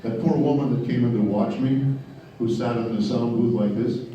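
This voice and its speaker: A man talks candidly and wryly about his work as a voice actor to a panel audience. His voice is deep-toned and very dark. The sound bounces around a large echoey hall, and he stands well back from the mic. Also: steady tone, moderate pace, distant mic, highs cut off, a little hiss or hum. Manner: candid, chatty and wry. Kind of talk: panel Q&A storytelling.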